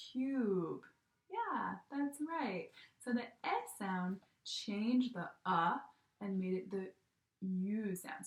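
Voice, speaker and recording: In an echoey room, a female teacher with a mid-range voice and slight vocal fry leads a recorded phonics lesson for young children. She speaks slowly and patiently, frequently checking in with a sing-song "okay?".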